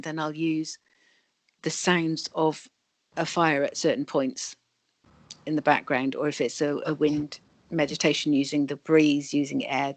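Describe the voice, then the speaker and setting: Low-voiced woman explaining energy healing. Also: no echo. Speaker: energy healer guest. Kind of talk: interview answers. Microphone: video call.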